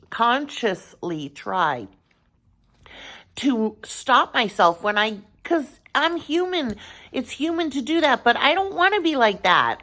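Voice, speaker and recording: Talking casually to camera, a woman vlogger rambles earnestly, thinking out loud with lots of restarts and filler phrases. Her voice is high and slightly bright.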